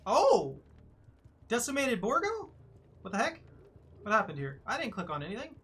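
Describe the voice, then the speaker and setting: Man, gameplay commentary, lively swinging pitch, sudden whoops. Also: moderate pace, slightly rough. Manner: excitable, talks to himself, sudden loud whoops. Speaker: gaming streamer.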